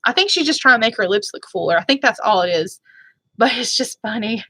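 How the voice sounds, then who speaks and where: Woman vlogger, bright higher voice, chatty and apologetic, dry close mic. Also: lively intonation, fairly quick, no echo. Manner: chatty, rambling, often apologetic. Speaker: beauty vlogger. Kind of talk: casual chat.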